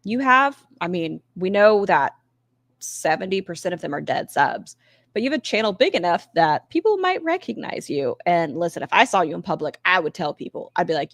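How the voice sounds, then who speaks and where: A woman's voice: fairly low pitch, lively intonation, moderate pace, fairly bright tone, no room sound. A woman commentating on a replayed clip, with sarcastic, mocking asides. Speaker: commentary streamer. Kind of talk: reaction commentary.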